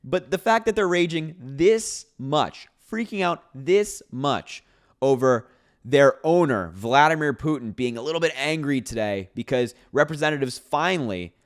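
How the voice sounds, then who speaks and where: A man's voice: medium pitch, lively intonation, moderate pace. A man giving casual political commentary to camera, sarcastic and incredulous as he reacts to posts, breaking into laughs between points.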